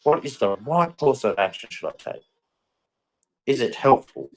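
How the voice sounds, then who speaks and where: A man's voice: medium pitch, expressive, normal speed, poor audio. A man ranting bluntly and repetitively in a casual vlog monologue. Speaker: vlogger.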